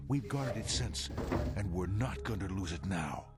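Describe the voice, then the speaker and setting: A man's voice: low voice, lively intonation, a little slow, music in the background. An actor playing an earnest young male ninja clan warrior in a video game cutscene, speaking in short solemn phrases. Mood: determined.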